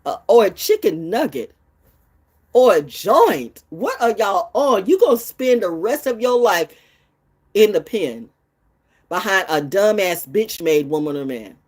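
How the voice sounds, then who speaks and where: A woman in her sixties ranting bluntly and profanely in an unscripted vlog, jumping from low mutters to high outbursts and loud laughs. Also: very animated, a little slow, breathy edge. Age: 60s. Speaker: vlogger. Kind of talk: unscripted rant to camera.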